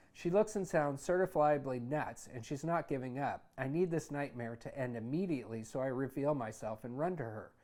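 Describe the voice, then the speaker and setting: A man who hosts a show, reading his own memoir aloud in a conversational, wry way that gets animated in heated passages. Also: mid-range voice. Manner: conversational, wry, animated when retelling anger. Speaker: author and host.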